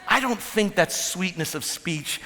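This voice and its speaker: A man preaching a lively sermon as pastor, grew up in the northern US, with quick repeats and asides to the congregation. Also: sits high, slight background noise. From northern United States. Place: large church hall. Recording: church hall reverb with soft music.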